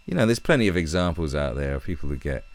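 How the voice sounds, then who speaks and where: British man, deep voice, lively swooping delivery, profane heated rant, live streamer. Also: fast. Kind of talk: ranting live-stream commentary. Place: his own room.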